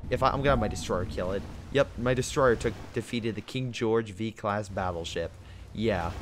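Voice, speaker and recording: Low-voiced man narrating strategy gameplay. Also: moderate pace, noisy background. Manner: thinking aloud while giving orders to units. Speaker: gaming video host. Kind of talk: casual gameplay commentary. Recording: game music behind the voice.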